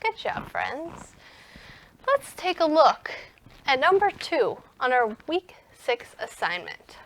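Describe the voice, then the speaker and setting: A young woman leads a music lesson for little children, talking slowly and kindly to them. Her voice sits high and bright, and she takes her time with each phrase. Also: big pitch swings, a little hiss or hum. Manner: gentle and encouraging, speaks slowly to young children, sings and whispers in parts. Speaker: music teacher. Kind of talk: recorded kindergarten music lesson.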